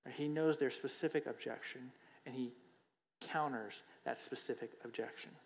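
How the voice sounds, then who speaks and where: A man's voice: mid-range voice, moderate pace, gravelly. A man preaching a sermon in a conversational way, often checking in with the listeners with a rhetorical question and repeating phrases for emphasis. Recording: long hall reverb.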